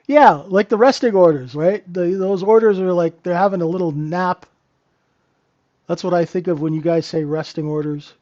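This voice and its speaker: Guy running a live trading room, chatty and jokey, kinda high voice, muffled stream sound. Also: moderate pace, a little mellow. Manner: chatty, joking, talks to chat viewers by name. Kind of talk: casual live market commentary.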